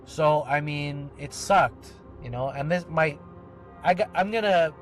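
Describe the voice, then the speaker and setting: There's faint music under this fairly high-pitched male voice as he speaks at a measured pace. He's a podcast co-host rambling through a personal story, cursing and dropping many filler words.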